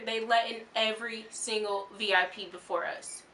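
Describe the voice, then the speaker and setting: A young woman telling a story to her vlog viewers in a rambling, excitable way, with lots of fillers and restarts. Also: medium pitch, moderate pace, few pauses, a little hiss or hum. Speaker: vlogger.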